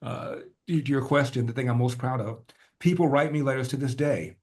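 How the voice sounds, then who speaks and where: An older man, a podcast guest, telling a personal family story with animated, rhythmic repetition. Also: mid-range voice, moderate pace. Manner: acts out family dialogue in changing voices.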